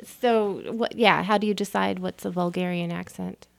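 A woman's voice: on the low side, fairly even intonation, moderate pace, vocal fry, a crowd in the background. A woman co-hosting an interview, asking guests questions in a friendly, curious way. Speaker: co-host. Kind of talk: casual interview chat.

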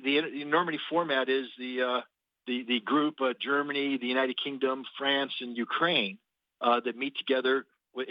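A man's voice: medium pitch, no echo. Blunt male radio guest, sardonic, stumbling repeats, dry close mic, muffled lo-fi sound. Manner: blunt and sardonic, repeats words while finding them. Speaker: guest analyst. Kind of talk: radio interview commentary.

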